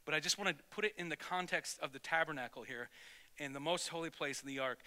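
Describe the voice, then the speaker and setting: A male pastor preaching in a high-pitched voice with a piercing, bright edge. He tells his sermon as an animated story, breaking off and restarting mid-sentence. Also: quick pace. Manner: storytelling, animated, self-interrupting.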